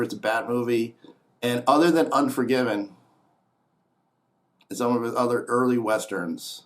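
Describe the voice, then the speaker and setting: A man rambling through a casual comedic monologue, blunt and opinionated, trailing into muttered asides. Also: mid-range voice. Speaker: host.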